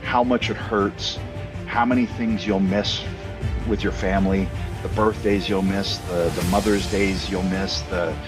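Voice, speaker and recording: Over music, a low-pitched, slightly slow voice belongs to a middle-aged man from Canada. As a podcast guest in a casual storytelling interview, he's animated, full of fillers, and tosses in jokey asides.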